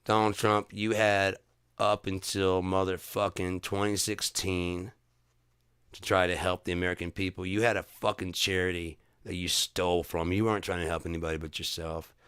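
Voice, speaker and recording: A man with a low-pitched, forceful and crisp voice talks on his livestream. He rants with heat and curses freely, often doubling back and restarting his sentences. The sound is dry and close. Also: flat delivery, moderate pace, dry recording. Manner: profane, heated ranting; rambling with restarts. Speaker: livestream host. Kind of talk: casual chat.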